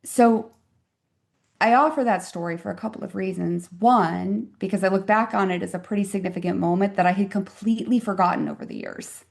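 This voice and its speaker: A woman's voice: mid-range voice, a little fast, vocal fry. Woman, 50s, physician guest; earnest, reflective storyteller, mid-range voice. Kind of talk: conversational interview storytelling.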